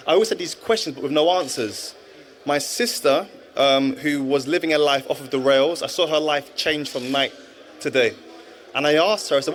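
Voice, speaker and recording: A man in his thirties, once a footballer, gives an earnest, reflective testimony as a guest in a live stage interview, restarting often. His voice runs a little high and fairly quick, over a little hiss or hum.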